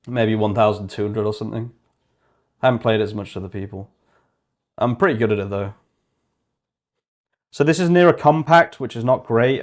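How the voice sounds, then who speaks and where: A young man with a slightly low voice talks loosely through a coding livestream. He swears, muses aloud, and drops into a flat murmur when reading notes off his screen. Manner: chatty, swears freely, thinks aloud. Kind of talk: casual livestream chat while coding.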